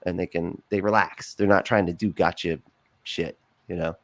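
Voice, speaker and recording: A man talking casually as a podcast guest, rambling with many fillers and quick laughs. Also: low-pitched, steady tone, no room sound.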